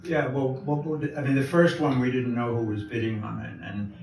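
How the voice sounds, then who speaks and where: A man's voice: medium pitch, steady tone, brisk, darkish tone, soft background music. An older American man telling anecdotes on stage at a live event, rambling with many restarts. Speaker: guest jeweler. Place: live event before an audience. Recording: distant echoey room mic, live event.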